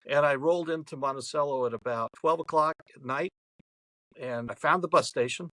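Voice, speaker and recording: A man's voice: on the high side, a little fast, bright, forceful tone, no room sound, poor audio. A man in his seventies from New York State, telling a long rambling story as a podcast guest, with chatty restarts. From New York State, USA. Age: 70s. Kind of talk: storytelling anecdote.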